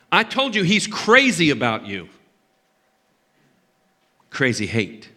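An older man preaching a sermon as pastor, impassioned, swinging from loud emphatic peaks down to low, quiet asides. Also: wildly swooping pitch, slow pace, long pauses.

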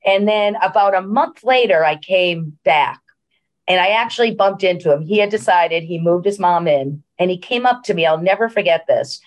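A woman's voice: fairly low pitch, expressive, normal speed. A middle-aged woman, a senior living executive, telling a story in a casual interview with many fillers and restarts.

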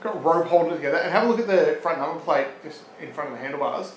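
Man, casual podcast host, laid-back, laughing, slightly high voice, echoey room. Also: very fast, a little hiss or hum. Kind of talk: casual chat.

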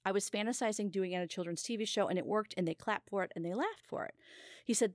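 A woman host recounts a story in a lively, animated manner, slipping into quoted voices along the way. Her voice sits at a middle pitch. The recording is dry and close. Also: quick pace, no room sound. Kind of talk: casual chat.

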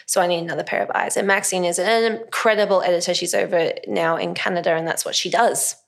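A woman guest chatting casually about her films and creative work, lively and playful, laughing often. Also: lowish voice, fast, vocal fry. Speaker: podcast guest, actor and filmmaker. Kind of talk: casual interview chat.

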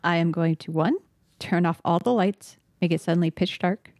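A woman's voice: on the low side, steady tone, normal speed, darkish tone, no echo, clean studio sound. A woman playing a tabletop game, talking playfully and laughing often. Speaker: player.

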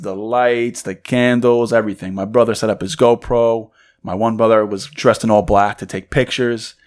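A young man co-hosting a podcast, telling a story in a loose, animated way and acting out the voices of the people in it. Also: on the low side, clear, resonant tone. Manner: loose and conversational, many fillers. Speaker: podcast co-host. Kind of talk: casual storytelling chat.

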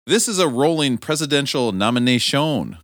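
A man hosting a comedy podcast, making sarcastic, deadpan jokes in casual chat. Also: medium pitch, moderate pace, no room sound, studio quality. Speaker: podcast host.

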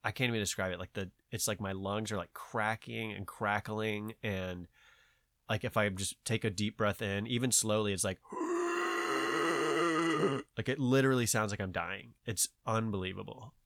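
A man's voice: lowish voice, normal speed, no room sound, studio quality. A man with a nasal voice, talking in casual podcast chat, rambling and swearing as he tells a story. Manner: rambling, profane, animated storytelling. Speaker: podcast host.

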